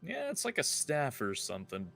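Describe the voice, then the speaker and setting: A man's voice: a little high, wildly swooping pitch, normal speed, vocal fry, pushed and bright, soft background music. A man chatting as a player in a tabletop game, giving brief, agreeable replies. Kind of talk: casual tabletop game chat.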